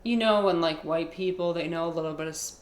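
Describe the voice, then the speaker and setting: A woman's voice: lowish voice, quick pace, reverberant. A woman live-streaming a video game, chatting in a rambling, playful, self-mocking way. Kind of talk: casual live gaming commentary.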